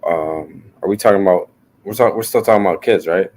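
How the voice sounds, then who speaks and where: Very deep-voiced man, rambling and joking. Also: fairly quick, a little mellow, slight background noise. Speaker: podcast guest. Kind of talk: casual chat.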